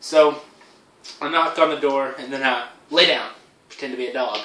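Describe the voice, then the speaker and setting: A man's voice: mid-range voice, moderate pace, bright, forceful tone. A man telling an absurd comic story in a rambling way, with lots of stammered restarts and casual swearing. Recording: echoey room, voice from far off.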